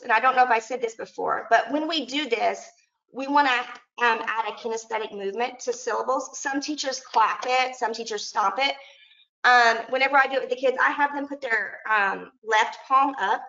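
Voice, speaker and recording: A woman's voice: a little high, pushed and bright. A woman presenting a teacher training lesson, modeling classroom prompts in an upbeat way. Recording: echoey room, dull lo-fi audio.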